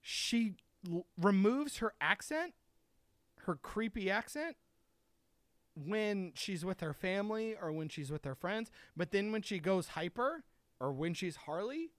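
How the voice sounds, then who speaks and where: A man's voice: high-pitched, lively intonation, measured pace, a bit bright, no echo. A man hosting a casual podcast chat, opinionated and profane, talking with lots of energy.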